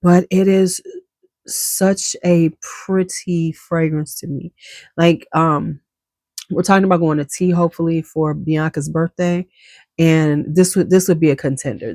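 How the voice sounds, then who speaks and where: A woman's voice: sits low, dark tone, dry recording, studio quality. A woman giving a casual, enthusiastic perfume review, chatty and full of slang, coughing now and then. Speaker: beauty vlogger.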